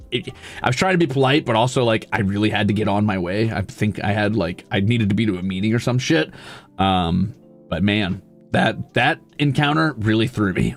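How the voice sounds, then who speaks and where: A man streamer in casual chat, telling an animated story with plenty of laughs. His pitch swings widely while he acts out the scene. Faint music plays under his voice.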